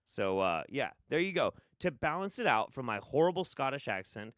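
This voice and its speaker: A man's voice: mid-range voice, big pitch swings, unhurried, a bit bright, no room sound, clean studio sound. A man doing casual livestream commentary on clips, sarcastic and profane. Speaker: streamer reacting to clips. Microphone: studio mic.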